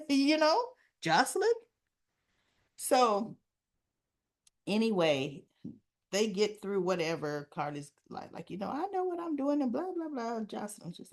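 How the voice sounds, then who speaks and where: A woman's voice: a little high, very animated, normal speed. A woman hosting a casual soap opera recap, chatting and acting out the characters' lines with asides.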